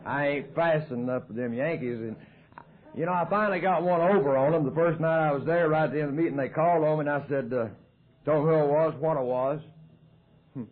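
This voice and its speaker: A man's voice: fairly high pitch, fairly quick. Folksy Southern man, tinny old tape. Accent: Southern American. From American South. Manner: folksy, joking storyteller. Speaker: AA speaker. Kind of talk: recovery talk at a meeting.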